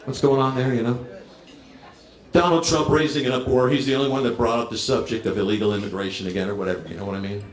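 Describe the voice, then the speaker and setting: A man's voice: medium pitch, steady tone, fast talker, roomy sound. A man in his fifties from New Jersey doing a brash, crowd-working stand-up set. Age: 50s. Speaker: stand-up comedian. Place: bar stage.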